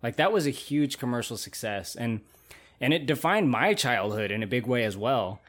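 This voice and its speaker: A man's voice: medium pitch, lively intonation, moderate pace, fairly bright tone. Casual, profane man chatting on a podcast. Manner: loose, profane, laughs often. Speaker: podcast host. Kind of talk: casual chat.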